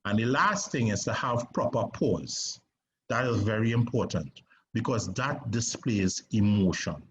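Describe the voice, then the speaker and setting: A man teaching an online acting lesson, talking conversationally with emphatic pauses and checks on whether his listeners follow. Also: fairly low pitch, lively intonation, highs cut off, slight background noise.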